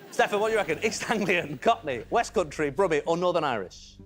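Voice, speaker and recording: A man's voice: on the high side, lively intonation, quick pace, a bit bright. A man hosting a TV quiz show in a studio, chatty and teasing with the contestants. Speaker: game show host. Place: TV studio with audience.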